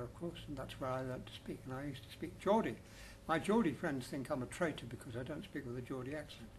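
A man's voice: fairly high pitch, slight background noise. Wry older Englishman telling stories. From England. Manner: wry, anecdotal, chatty with restarts. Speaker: speaker at a festival talk. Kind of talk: personal storytelling presentation. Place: lecture room.

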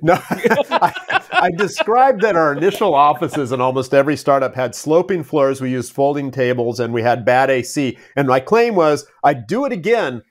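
A man's voice: fairly high pitch, big pitch swings, moderate pace, few pauses. A man who is an entrepreneur guest on an interview podcast, telling stories casually and chuckling often.

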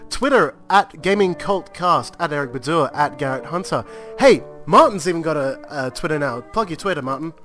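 A man's voice: a little high, expressive, normal speed, a bit bright, faint music behind. A man hosting a podcast, joking casually and wrapping up the show with plugs. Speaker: podcast host. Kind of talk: casual chat.

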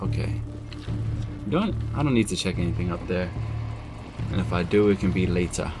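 A man giving casual, chatty let's-play commentary, now and then cooing at an in-game dog in a high coddling voice. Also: expressive, moderate pace. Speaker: gaming video host. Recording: game music playing behind voice.

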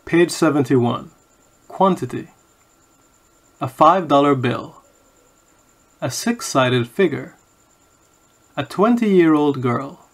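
A man reading course audio, saying each word and then an example sentence in a slow scripted vocabulary reading. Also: fairly high pitch, lively intonation.

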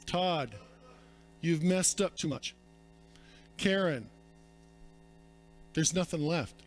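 A man putting on a low taunting devil's voice. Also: slow pace, soft background music. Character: sneering male devil whispering accusations.

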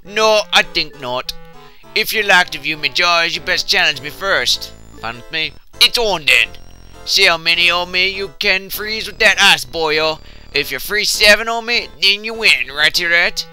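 A man's voice: sits high, a little fast, hardly any pauses, bright, forceful tone, faint music behind, pitched above the performer's own voice. A man voicing a boastful male ghost who collects jars, in a vague put-on accent, with a taunting manner.

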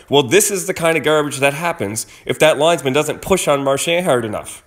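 Guy doing a hockey clip breakdown, kinda high voice, argues his point hard. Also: lively intonation, fairly quick. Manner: emphatic, argumentative, acts out quotes. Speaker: hockey commentator. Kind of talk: video breakdown commentary.

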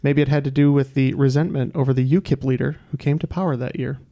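A man hosting a podcast quiz, reading trivia questions in a measured way with dry asides. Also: mid-range voice, steady tone, mellow. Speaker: quiz host.

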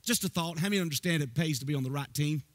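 Preaching very fast in a slightly high voice, a male pastor questions his congregation and works up to a chanting, sing-song rhythm with near-shouted emphasis. There's no room sound.

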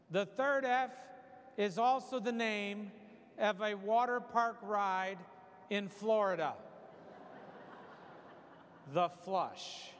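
A man in his sixties, a priest giving a folksy, joking homily. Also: high voice. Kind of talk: humorous homily. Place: church hall. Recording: long hall reverb.

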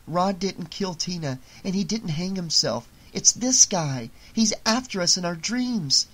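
A woman's voice: on the low side, lively intonation, a little slow, breathy edge, voice pushed up. A narrator voicing a defiant, frightened teenage girl in an audiobook, speaking urgently and accusingly. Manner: urgent, accusing, shouting at times. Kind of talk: audiobook character reading.

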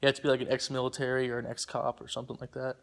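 A man's voice: medium pitch, completely flat delivery, rapid-fire, gravelly. A young man tells a story casually outdoors in the cold, rambling and filling his speech with "like". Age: young adult. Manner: rambling, heavy use of "like". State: shivering in the cold. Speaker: vlogger. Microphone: phone.

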